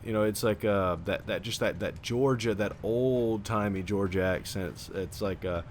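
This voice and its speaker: While streaming a game, a man chats casually with friends, rambling and swearing in drawn-out talk. His voice is fairly low, with slight background noise.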